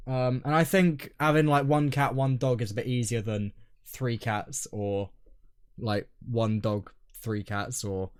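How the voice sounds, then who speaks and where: A man's voice: medium pitch, steady tone, measured pace, clear, resonant tone. Hesitant young man, rambling. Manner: rambling, hesitant, trailing off quietly. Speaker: podcast co-host. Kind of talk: casual chat.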